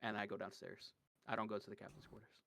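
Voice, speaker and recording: A man's voice: on the low side, monotone, fast talker, gravelly, sharp tone, no room sound. A man playing a tabletop role-playing game, describing his character's actions hesitantly. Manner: hesitant, mumbled with fillers. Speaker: player. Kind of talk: casual tabletop play.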